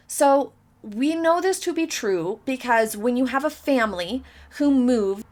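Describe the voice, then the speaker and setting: Emphatic woman vlogger, fairly high voice. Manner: emphatic, incredulous, repeats points for emphasis. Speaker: commentary vlogger. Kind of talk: opinionated commentary.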